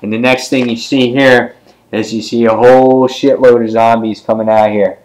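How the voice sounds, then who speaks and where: A man casually reviewing a comic book issue, with many ums and quick character voices as he retells the scenes. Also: mid-range voice, little pitch movement, a little mellow, poor audio.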